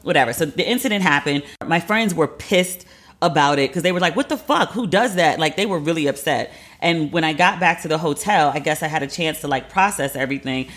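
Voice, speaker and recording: Woman host, thirties, casual storytelling, animated and profane, voices the people she quotes. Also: deep voice, a little fast. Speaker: podcast host.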